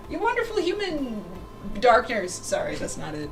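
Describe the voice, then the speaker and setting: A woman drawing fan art on a casual livestream, chatting with viewers in an excitable, giggly way. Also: fairly high pitch, normal speed, gravelly, faint music behind, poor audio.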